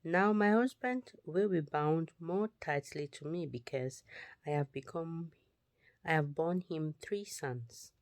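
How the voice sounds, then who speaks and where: A woman's voice: sits low, takes it slowly, a little mellow, no echo. A woman reading the lines of an unloved wife who hopes for her husband's love, in a plain, earnest voice.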